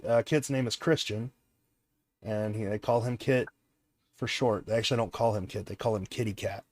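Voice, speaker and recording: A man's voice: fairly low pitch, fairly even intonation, moderate pace, no echo. A man hosting a casual livestream chat, rambling along and laughing often.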